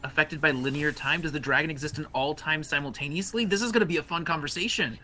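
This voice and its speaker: Man, tabletop player, bright sharp tone, curious, questioning. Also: fairly high pitch, quick pace, low-quality recording. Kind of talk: in-character tabletop play.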